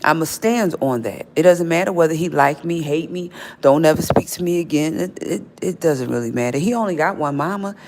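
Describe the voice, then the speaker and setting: A woman's voice: deep voice, a little fast, hardly any pauses, background noise. A woman on a phone livestream, ranting straight at an absent person in a confrontational, scolding, repetitive way. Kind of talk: livestream rant.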